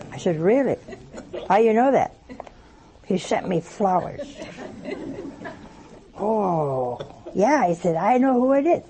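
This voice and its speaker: Gravelly older woman telling a folksy sermon. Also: medium pitch, warm tone, slight background noise. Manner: folksy, chatty, acts out dialogue in different voices. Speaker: religious speaker. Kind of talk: storytelling sermon.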